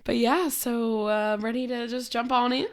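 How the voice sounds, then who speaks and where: A young woman co-hosting a casual podcast, hoarse from a cold and laughing often as she talks. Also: on the high side, fairly even intonation, normal speed. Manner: giggly, laughs often between lines. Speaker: podcast co-host.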